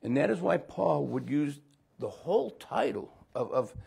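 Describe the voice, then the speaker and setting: A man's voice: a little high, big pitch swings, unhurried, creaky, warm tone, breathy edge. A middle-aged man teaching a conversational Bible lesson, rambling with folksy asides and restarts.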